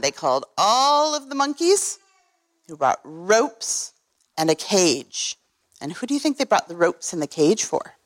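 A woman reading a picture book aloud to children, animated and asking them questions. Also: mid-range voice, unhurried. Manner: animated, asks the listeners questions.

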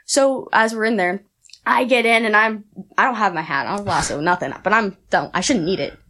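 Chatty young woman telling a story. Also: medium pitch. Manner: rapid, animated, many fillers. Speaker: guest, aspiring wrestler. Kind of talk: casual storytelling chat.

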